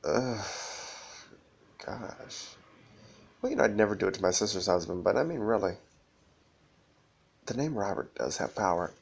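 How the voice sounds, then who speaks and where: A man's voice: lowish voice, expressive, moderate pace, gravelly, long pauses, husky. A man rambling through a disjointed, profane monologue to camera, often breaking into laughter.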